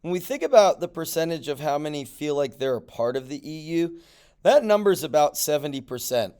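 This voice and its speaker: A man's voice: a little high, animated, fairly quick, a little mellow, clean tone. A male teacher going over guided notes in a recorded classroom lesson, talking animatedly with mock-surprised asides. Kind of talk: classroom lecture video.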